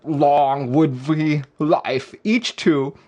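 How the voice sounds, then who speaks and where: A man's voice: fairly high pitch, extremely slow, darkish tone. A man voicing a flamboyant male pirate, drawn out and sing-song. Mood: theatrical.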